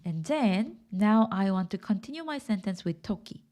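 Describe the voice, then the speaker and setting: Lively, patient Korean-accented woman teacher. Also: medium pitch, brisk, hardly any pauses. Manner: patient, asks questions and repeats examples. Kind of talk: explaining grammar to learners.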